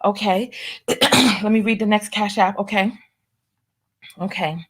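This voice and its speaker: Woman on a livestream, jittery, keeps repeating herself, reading out donations, mid pitch voice. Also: takes it slowly, a bit bright, slightly rough. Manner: nervous, stalling, repeats herself; reads viewer comments and donations aloud. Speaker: livestream host. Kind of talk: casual livestream chat.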